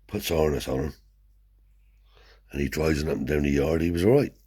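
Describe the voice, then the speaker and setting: An older Romany traveller spins rambling stories in broad dialect, scattering swear words and "see?" throughout. His voice is extremely low, brisk and warm, with a breathy edge.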